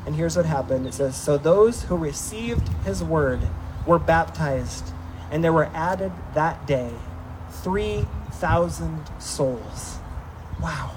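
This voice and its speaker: A male pastor delivering a sermon, emphatic, slowing down to read scripture aloud. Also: on the high side, animated, background noise. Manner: emphatic preaching, slowing for scripture, acting out voices.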